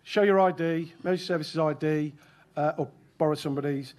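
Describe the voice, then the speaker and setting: A man's voice: fairly high pitch, a little fast, darkish tone. A man from the UK chairing an event and giving a joking, chatty welcome speech in a function room. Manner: joking, self-deprecating, chatty. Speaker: chair of rescue organisation, event speaker.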